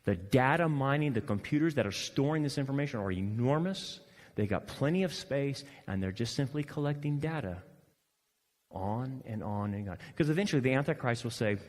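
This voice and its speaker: Animated preacher man in a reverberant hall. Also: medium pitch, moderate pace. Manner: animated, swings from loud emphasis to quiet asides. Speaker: pastor. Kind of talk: sermon. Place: church hall.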